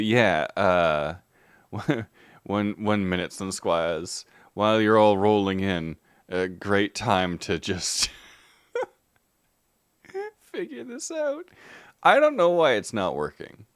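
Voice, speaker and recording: A man hosts a casual live stream and talks to his chat while troubleshooting his setup, half to himself. His pitch swings widely, even though he speaks slowly and deliberately. The sound is dry and close, with no room echo. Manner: muttering to himself while fixing tech, greeting chat by name.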